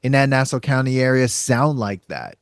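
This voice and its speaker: A man's voice: medium pitch, animated, moderate pace, clear, resonant tone, dry recording, studio quality. A man from Long Island with a Long Island New York accent, co-hosting a podcast in casual chat, laughing often and saying "like" a lot. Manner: chatty, laughs often, lots of "like" and "you know". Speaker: podcast co-host.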